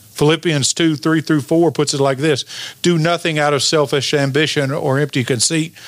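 A man's voice: fairly high pitch, dry recording. A male pastor preaching a sermon, stretching out key phrases and asking the congregation for an "amen". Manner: preaches with call-and-response, draws out key lines slowly.

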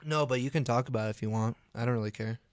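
A man's voice: medium pitch, racing, no room sound, studio quality. A man co-hosting a podcast in casual chat, playful and teasing. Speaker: podcast co-host.

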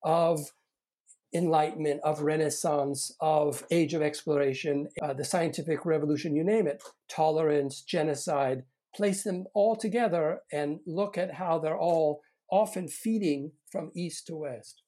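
Mellow husky-voiced historian lecturing. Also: medium pitch. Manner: measured, lecturing with frequent restarts. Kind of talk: academic discussion answer.

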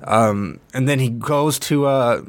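A man's voice: mid-range voice, slow pace. A man hosting a podcast alone, ranting in a casual, profane, rambling way. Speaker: podcast host. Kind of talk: casual solo podcast rant.

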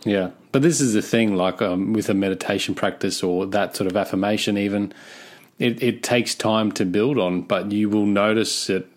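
Man, interview host, low voice, relaxed, joking. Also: moderate pace. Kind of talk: casual interview talk.

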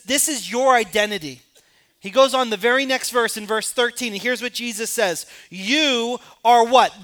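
Male pastor, sermon, high voice, bright tone, impassioned, emphatic. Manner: impassioned preaching, rising to emphatic peaks and dropping to quiet asides.

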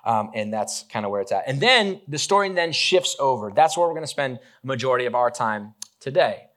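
A man's voice: mid-range voice, animated, a little fast, a bit bright. Male pastor, mid-range voice, loose and chatty sermon delivery with jokes and frequent restarts. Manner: casual, joking, many fillers and restarts. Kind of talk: conversational sermon.

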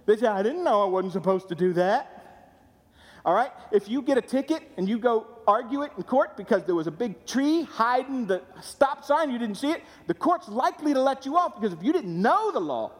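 A male pastor preaching a sermon in a conversational, animated way, putting questions to his congregation. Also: very high voice, brisk, hardly any pauses. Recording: long hall reverb.

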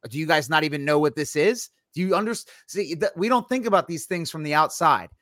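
A man co-hosting a live-streamed podcast, talking emphatically and acting out quick bits of imagined dialogue. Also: a little high, animated, fairly bright tone, no echo, clean studio sound. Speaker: podcast co-host.

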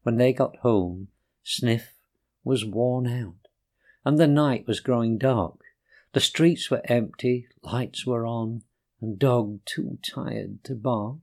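A man reading rhyming children's poems aloud in a gentle, sing-song way. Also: mid-range voice, slow. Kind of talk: rhyming storybook narration.

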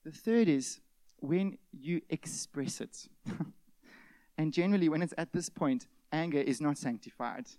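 Male pastor, high voice, animated sermon with acted-out outbursts, dry close sound. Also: measured pace, dry recording. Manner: animated, acts out scenes with sudden shouted outbursts.

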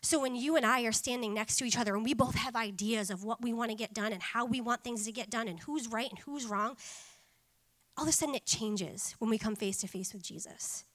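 A woman in her thirties preaching a sermon in an animated way, laughing often and breaking into lively asides. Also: on the high side, brisk.

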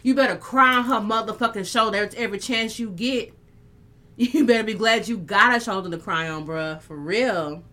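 A woman's voice: medium pitch, fairly quick, bright, forceful tone. A woman hosting a casual live-stream talk show, reading viewer comments and speaking candidly and emotionally, swearing freely.

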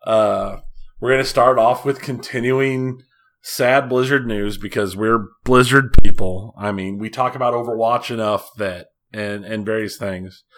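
A man hosting a podcast, chatting casually and running through gaming news in a relaxed way. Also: fairly low pitch, unhurried. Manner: relaxed, with frequent restarts. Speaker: podcast host. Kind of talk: casual chat and news rundown.

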